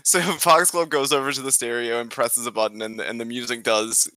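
A man's voice: medium pitch, fairly even intonation, brisk, sharp tone, dry recording. A man narrating a tabletop game as game master, hesitant with many fillers and frequent laughter.

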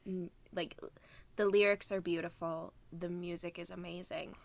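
A woman's voice: lowish voice, level tone, normal speed, creaky, no echo. A woman from Wisconsin co-hosting a podcast, talking earnestly and at length about a musical she loves. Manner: earnest and gushing, long story-telling runs. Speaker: podcast co-host. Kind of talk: casual chat about a musical.

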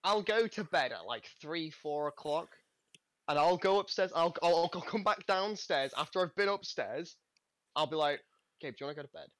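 A man's voice: fairly high pitch, expressive, moderate pace, no room sound. A young man co-hosting a casual podcast chat, teasing, with stammered restarts. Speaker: podcast co-host.

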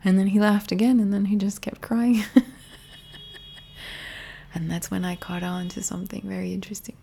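A young woman speaking to viewers in a gentle, intimate way, often dropping into a whisper and circling back over her words. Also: medium pitch, level tone, quick pace, creaky, a little hiss or hum. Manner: gentle, intimate, rambling with many restarts. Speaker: spiritual healing teacher. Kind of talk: soft, partly whispered reflective talk to viewers.

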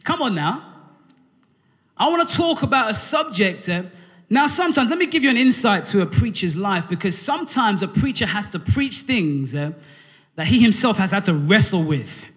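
Man, preacher, high voice, long hall reverb, conversational sermon with fillers, call-and-response energy. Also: very animated, normal speed, fairly bright tone. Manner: conversational, with frequent fillers and restarts. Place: church.

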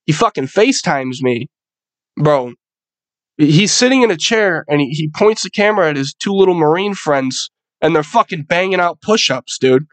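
A young man hosting his podcast, spinning a rambling story full of swearing and easy laughter. His voice sits a little high for a man, and it sounds dry and close, with no room echo. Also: animated, moderate pace. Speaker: podcast host. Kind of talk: casual storytelling monologue.

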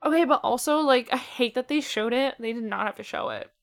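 A woman chatting casually while reacting to a film. She is excitable and exclamatory, laughs often and swears freely. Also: fairly high pitch, fairly quick, gravelly. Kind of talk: casual watch-along chat.

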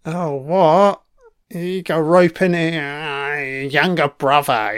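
A man's voice: fairly high pitch, steady tone, slow pace, a bit bright, smooth, dry recording, studio quality. A man giving a casual, profane commentary while watching a TV series, chatty and reacting as he goes. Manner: sweary, chatty, reacting to the screen.

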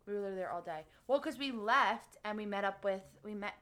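A woman's voice: mid-range voice, fast talker, noisy background. A young woman co-hosting a podcast in casual chat, giggly and bashful, trailing off often. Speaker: podcast co-host.

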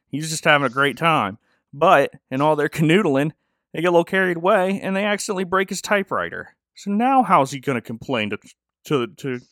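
A man's voice: medium pitch, sharp tone, dry recording, studio quality. A man casually recapping a TV episode with joking, rambling asides. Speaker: podcast host.

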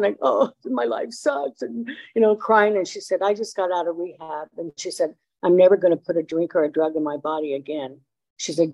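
A woman's voice: on the low side, warm tone, rough recording. A middle-aged woman from Los Angeles sharing her recovery story at a meeting, blunt and streetwise, with lots of fillers. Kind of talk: personal recovery share.

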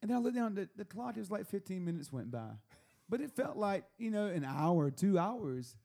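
A man telling a long story at a table in casual chat, animated and laughing often, repeating words as he goes. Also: high voice, moderate pace, creaky. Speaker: podcast host telling a story. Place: room at a table.

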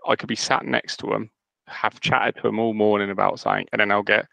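A man's voice: fairly low pitch, fast, vocal fry, no echo. A man co-hosting a podcast, ranting in a casual chat and acting out quoted emails. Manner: animated, ranting, exaggerated quoting. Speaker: podcast co-host.

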